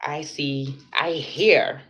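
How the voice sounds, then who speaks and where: On a livestream from her home, a young woman vlogger recounts something from her day, blunt, profane and full of fillers. Her voice is low and fairly bright, with fairly even intonation and drawn-out words. The lo-fi audio sounds slightly dull with faint noise.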